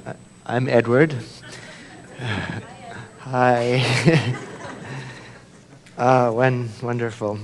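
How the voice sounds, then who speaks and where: A man's voice: mid-range voice, little pitch movement, very slow, long pauses. A man giving a sermon as a minister, telling a story with humor and acting out its voices. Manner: storytelling, warm humor, acts out voices in a joke. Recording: long reverb of a hall.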